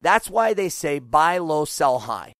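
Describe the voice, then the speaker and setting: Animated podcast host guy, kinda high voice, dry close mic, coaching his listeners. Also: slow pace, no room sound. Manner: energetic, animated, acts out quoted voices. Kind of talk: solo podcast monologue.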